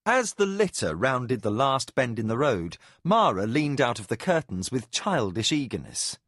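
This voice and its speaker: Male narrator, audiobook reading, lively pitch, measured storytelling, dry recording. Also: no room sound. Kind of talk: scripted narration.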